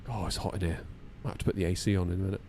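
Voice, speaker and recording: A man's voice: low voice, fairly even intonation, rapid-fire, a little mellow, slight background noise. A man in his thirties, chatting casually on a live stream while running through flight checklists, self-deprecating and talkative. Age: 30s.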